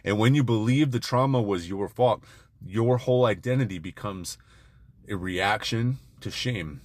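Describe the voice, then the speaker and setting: Male self-help speaker, lowish voice, hard-hitting and profane, dry close recording. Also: unhurried, dry recording. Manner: intense, blunt, profane. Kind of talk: motivational monologue.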